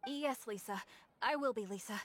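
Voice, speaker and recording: Over game music, a woman speaks as a bubbly, salesy young shopkeeper in a video game, eager and talkative. She uses a natural, fairly high voice at a moderate pace, with slight background noise.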